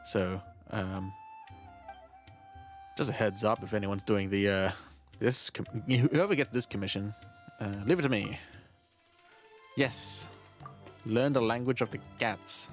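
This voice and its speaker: A man streaming a game live, chatting casually as he plays, rambling, swearing freely and often clearing his throat. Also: lowish voice, takes it slowly, pauses often, faint music behind. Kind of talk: casual live gameplay commentary.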